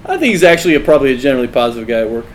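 A man's voice: mid-range voice, sing-song, very fast, slight background noise. A man appearing as a podcast guest, joking and interjecting in crude casual chat.

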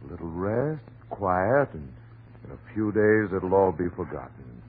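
An actor playing a calm, reassuring doctor in a vintage radio drama, speaking firmly and soothingly. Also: male voice, deep voice, breathy edge, exaggerated voice. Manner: soothing, firm, measured. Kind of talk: 1940s radio acting. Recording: tinny old radio recording, faint hiss.

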